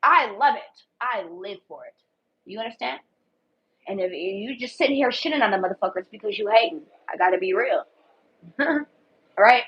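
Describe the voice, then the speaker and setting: Expressive at a medium pitch, a tarot reader moves at a moderate pace with long pauses through a casual reading for viewers. She's blunt and profane, hammering and repeating points, captured in dull lo-fi audio.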